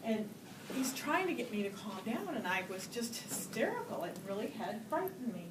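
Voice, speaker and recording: A woman tells a story at a speaking club, her voice high and full of swoops as she acts out the other people in it. She is picked up from far back in a roomy hall, with steady noise under her words. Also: normal speed. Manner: animated, acts out voices, laughs often. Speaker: Toastmasters speaker. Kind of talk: storytelling speech.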